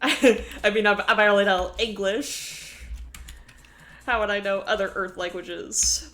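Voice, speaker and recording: A woman's voice: medium pitch, slow pace, fairly bright tone. A woman chatting casually with viewers on a live stream, playful and giggly.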